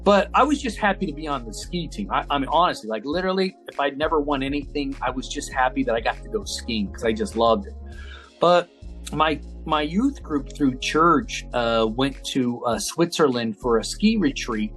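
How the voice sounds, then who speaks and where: An American man in his fifties, a guest in an interview, telling a story with lively energy and acting out the voices of the people in it. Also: medium pitch, moderate pace, soft background music. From United States. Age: 50s. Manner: lively, acts out quoted voices, many fillers.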